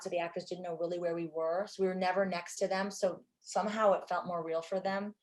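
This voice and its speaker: A middle-aged woman filmmaker, telling stories from a shoot in an interview, animated and quick to act out what people said. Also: fairly low pitch. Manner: animated, acts out quotes, many fillers. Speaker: filmmaker guest. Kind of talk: interview storytelling.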